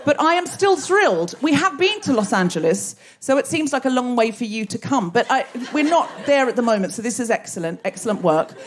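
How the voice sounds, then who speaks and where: Aussie lady hosting live comedy show, high voice, chatty and giggly with the crowd. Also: brisk, hardly any pauses, a little hiss or hum. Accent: Australian. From Australia. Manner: animated, laughing, riffing with audience. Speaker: comedy podcast host. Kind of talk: live stand-up crowd work. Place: theatre stage before a live audience.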